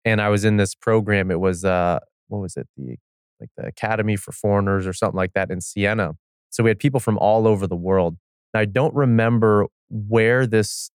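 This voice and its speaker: A podcast host with a fairly low, smooth and resonant voice tells a story in a reflective, casual way. He sounds close and dry, with no room around him. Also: moderate pace, no echo. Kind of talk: casual conversation.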